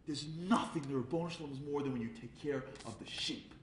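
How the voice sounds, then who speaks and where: A man gives a comic storytelling speech at a charity event. He acts out voices and builds to loud peaks. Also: fairly high pitch, fast talker, hardly any pauses, roomy sound. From Brooklyn, New York.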